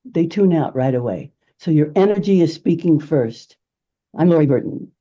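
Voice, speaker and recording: A woman giving a lively, emphatic networking pitch as a presentation skills coach, laughing often. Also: moderate pace, dull audio.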